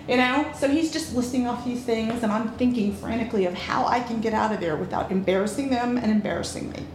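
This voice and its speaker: A woman guest telling a frank story in a casual chat, animated and quick to laugh. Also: on the high side. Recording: echoey room, faint noise.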